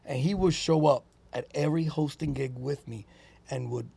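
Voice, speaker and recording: Gravelly man, chatting. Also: a little high, normal speed. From Puerto Rico. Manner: animated, swears freely, switches into Spanish. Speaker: stand-up comedian, guest. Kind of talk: casual podcast chat.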